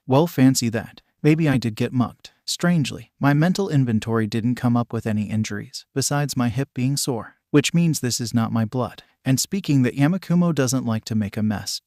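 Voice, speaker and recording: A man's voice: medium pitch, darkish tone, no room sound, clean studio sound. A man narrating a first-person fan-fiction story in a casual, conversational storytelling way.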